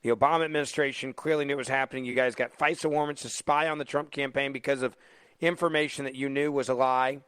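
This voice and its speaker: A man's voice: medium pitch, quick pace, clear, resonant tone, dry recording. Sarcastic fill-in talk radio host, man. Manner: sarcastic, mocking, animated. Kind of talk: opinionated talk radio monologue. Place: radio studio. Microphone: studio microphone.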